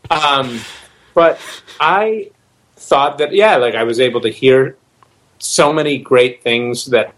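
A man's voice: mid-range voice, takes it slowly, long pauses, fairly bright tone, low-quality recording. A man talking casually on a podcast, an actor who rambles with fillers and jokes. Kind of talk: casual joking chat.

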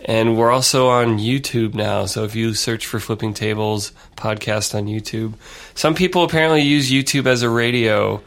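A man's voice: on the low side, normal speed, a bit bright. A man co-hosting a podcast, loose and joking, laughing often as he chats. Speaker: podcast co-host. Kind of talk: casual chat.

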